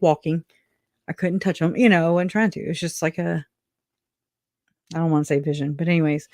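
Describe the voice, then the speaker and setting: A speaker on a casual livestream who talks in a halting, reflective way, often restarting sentences and laughing softly. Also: medium pitch, clear, resonant tone, no room sound, studio quality.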